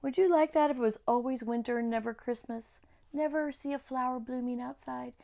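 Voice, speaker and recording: A young woman reading a story aloud to children, lively and talking straight to her young listeners. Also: high-pitched, brisk, creaky. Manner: animated, talks directly to kids.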